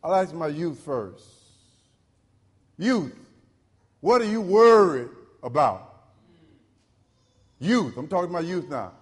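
A male pastor, preaching a sermon in call-and-response style. He repeats phrases and swings from loud to low. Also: big pitch swings, slow pace, long pauses, slightly rough, in a large hall.

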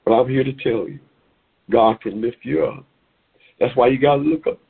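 A man's voice: mid-range voice, moderate pace, creaky, slightly rough. A man preaching a sermon to listeners on a conference call, exhorting in a repetitive preaching cadence. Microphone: phone call. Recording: tinny phone line.

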